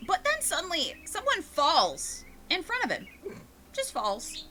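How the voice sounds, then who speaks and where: A woman narrating as game master of a tabletop game, animated and giggly, with frequent fillers. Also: very high-pitched, a little slow.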